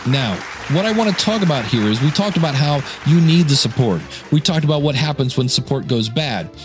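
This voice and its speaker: A man's voice: on the high side, expressive, a little fast, music in the background, a crowd in the background. A middle-aged man hosting a podcast in casual talk, joking and acting out little scenes. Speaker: podcast host.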